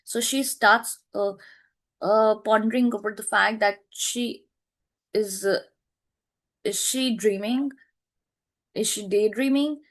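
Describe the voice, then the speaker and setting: A woman teacher explaining a play line by line, repeating herself and checking with "right?", pausing to search for words. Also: medium pitch, fairly even intonation.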